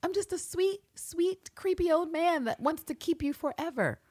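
A woman voicing a creepy old man who sweet-talks in a high, self-pitying falsetto. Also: normal speed, a little mellow. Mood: wheedling.

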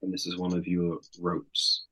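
A man narrating a tabletop game as game master, calm and hesitant, with many ums. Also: low-pitched, measured pace, husky, low-quality recording.

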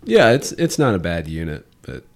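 A man talking casually on a podcast as a fishing guide, relaxed and chatty, with quick bursts and easy laughs. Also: deep voice, vocal fry.

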